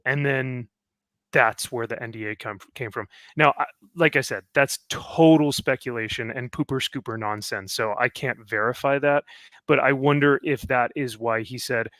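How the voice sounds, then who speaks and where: A man's voice: mid-range voice, moderate pace, a bit bright, dry recording. A man on a casual panel podcast, talking through a theory at length. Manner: speculative, talks things through at length. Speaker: podcast co-host.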